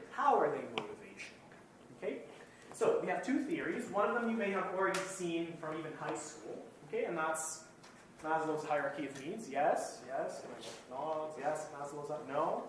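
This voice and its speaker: A man lecturing to a live class, explaining step by step and checking in often with "okay?" and "right?". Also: on the high side. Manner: repeats and rephrases points while thinking aloud. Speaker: university lecturer. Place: classroom with students present. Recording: very echoey room, distant mic, faint room noise.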